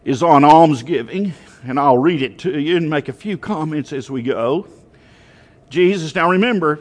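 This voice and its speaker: Preacher, male, lively sermon voice pitched a bit high, recorded with a long church-hall echo. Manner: animated storytelling with emphatic rises.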